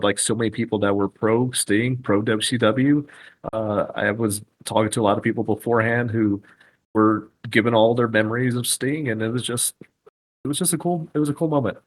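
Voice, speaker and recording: A man who is a guest on a podcast, recounting events in casual chat with excitement and frequent swearing. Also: fairly low pitch.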